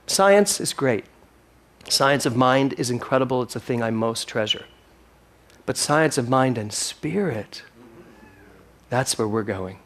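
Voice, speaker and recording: A man preaching a sermon as minister of his spiritual center, with emphatic rising lines and playful asides. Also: mid-range voice.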